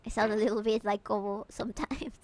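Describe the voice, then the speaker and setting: A woman's voice: medium pitch, fairly even intonation, brisk, darkish tone. A young woman from Peru with a Peruvian Spanish accent, chatting playfully and giggling with her stream chat as a VTuber. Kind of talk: casual chat with chat.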